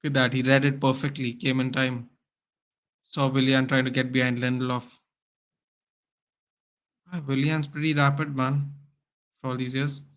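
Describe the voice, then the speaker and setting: A man's voice: medium pitch, level tone, normal speed, long pauses, a bit bright. A man hosting a live football watchalong, calling the play as a partisan fan and chatting with viewers. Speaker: watchalong host.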